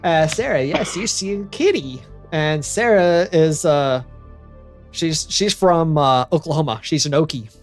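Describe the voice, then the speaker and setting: A man's voice: on the high side, expressive, unhurried. A man from Northern Virginia hosting a casual gaming stream, chatty and self-deprecating. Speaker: streamer host. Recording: faint background music.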